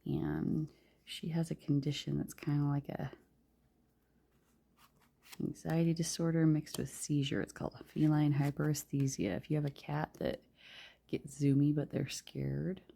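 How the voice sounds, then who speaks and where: A woman with a low, gravelly voice gives a tarot reading in a hushed, soft tone, often slipping into a whisper. Her voice is very dark and mellow, and she rambles along with many fillers. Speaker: tarot reader.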